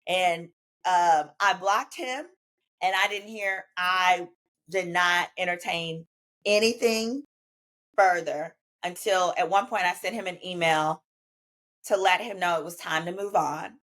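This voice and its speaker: A woman with a Southern US accent, a podcast guest telling a personal story in an animated, emphatic way, acting out the dialogue she quotes and cursing freely. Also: on the low side, takes it slowly. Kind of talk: animated storytelling in casual chat.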